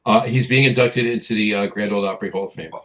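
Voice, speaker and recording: A man with a low voice co-hosts a casual podcast. He talks haltingly, filling pauses with "uh" as he hunts for the next word. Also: steady tone, a bit bright. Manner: halting, many "uh" fillers, searching for words. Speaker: podcast co-host. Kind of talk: casual chat.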